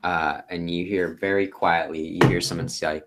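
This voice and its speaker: A man's voice: low-pitched, steady tone, normal speed, over loud music. A man narrating as game master, hesitant and full of fillers.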